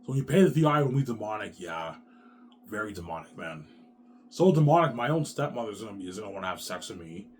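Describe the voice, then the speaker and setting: Rambling profane man, low voice, faint noise. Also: sing-song, fast. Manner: quotes others in brief put-on voices. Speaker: show host. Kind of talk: rambling monologue.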